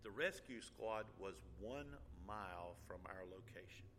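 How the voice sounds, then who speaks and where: An older man preaching a sermon as a pastor, telling a personal story with halting restarts and sudden high, loud bursts of feeling. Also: long reverb tail, noisy background. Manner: animated storyteller, jumps high and loud when angry or excited.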